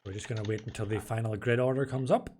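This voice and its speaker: A man's voice: fairly low pitch, fairly even intonation, quick pace, darkish tone, slight background noise. A man casually commentating a sim race from home, chatty and rambling, a bit tipsy. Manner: chatty, rambling, restarts and jokes. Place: home room.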